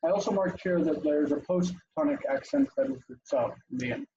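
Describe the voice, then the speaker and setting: A man teaching a class over a video call, lively and explaining step by step with many fillers, heard through dull, lo-fi call audio. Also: high-pitched, brisk, creaky, slight background noise.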